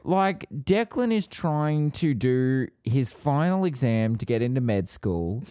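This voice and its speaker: A man's voice: mid-range voice, big pitch swings, slow, mellow, smooth, dry recording, clean studio sound. A man co-hosting a casual podcast, teasing and playful in banter. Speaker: podcast co-host.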